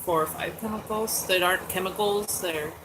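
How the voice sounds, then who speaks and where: A woman's voice: fairly low pitch, fairly quick, background noise. A woman in her forties chatting candidly and casually as host, with many "like"s and "um"s. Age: 40s. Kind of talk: casual chat. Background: dogs nearby.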